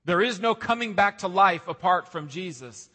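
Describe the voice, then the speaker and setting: Male pastor, fairly high bright voice, earnest sermon delivery, church hall reverb. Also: expressive, normal speed. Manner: earnest preaching, rising emphasis on key lines. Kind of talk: sermon with scripture reading. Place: church sanctuary.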